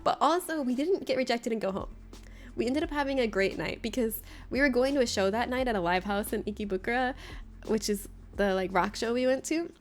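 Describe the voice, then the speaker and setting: A woman streamer from Florida rambles through a story with her viewers, breaking into laughs every few lines. Her voice sits a little on the high side, and soft game music plays quietly underneath. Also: a little fast. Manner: chatty, laughs often while telling stories. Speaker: livestreamer. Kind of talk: casual chat with viewers during a game stream.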